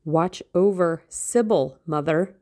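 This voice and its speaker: A woman's voice: lowish voice, normal speed, creaky, a little mellow. A woman reading as a sullen, harsh young man. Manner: harsh, insistent. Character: sullen, blunt young man, a heavy youth.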